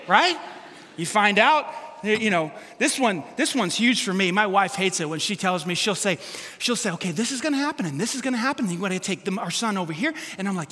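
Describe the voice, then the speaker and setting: A man preaching a sermon as pastor, animated and humorous, acting out quotes from everyday life. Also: high voice, a little fast, slightly rough, long reverb tail.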